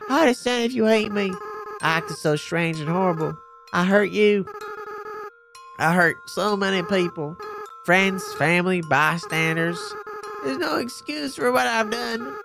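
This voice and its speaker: A man voicing a gentle, remorseful young goat-monster boy, reading the game's dialogue in a soft, earnest way. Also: sits high, animated, unhurried, gravelly, music in the background, full character voice.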